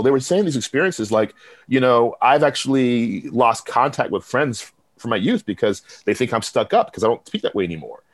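This man, a Texas professor who also directs a program, speaks with a medium-pitched voice a little fast, with no room sound. Storytelling casually in an interview, he animatedly acts out others' remarks in lively bursts.

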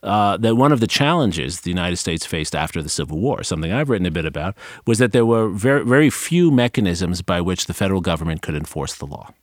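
Deep-voiced man hosting a talk show. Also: sing-song, a little fast, few pauses, dry recording, clean studio sound. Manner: reflective, builds long questions. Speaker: podcast host. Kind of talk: conversational interview.

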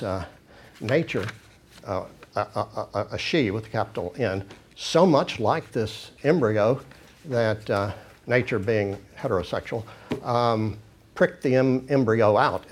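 A man's voice: on the low side, unhurried, slight background noise. A man giving an informal lecture, reading passages from handouts and breaking off with many fillers and restarts. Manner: reads quoted passages then comments casually.

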